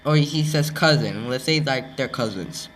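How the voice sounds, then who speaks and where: A man casually improvising a fan story with a friend, relaxed and often restarting his sentences. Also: medium pitch, normal speed, a crowd in the background.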